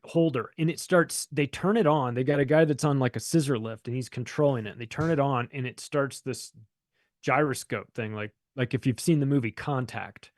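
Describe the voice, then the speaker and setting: A man's voice: mid-range voice, normal speed, dry recording. A man chatting as a podcast guest, spinning a long anecdote with plenty of swearing. He slips into the voices of the people he quotes. His voice is dry and close, with no room sound. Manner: rambling, profane, acts out quoted voices. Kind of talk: casual storytelling conversation.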